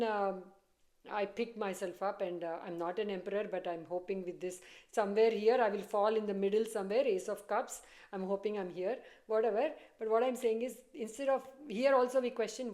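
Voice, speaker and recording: A woman's voice: mid-range voice, fairly even intonation, normal speed, mellow. A woman giving a casual tarot reading, chatty and repetitive, often breaking into laughter. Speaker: tarot reader.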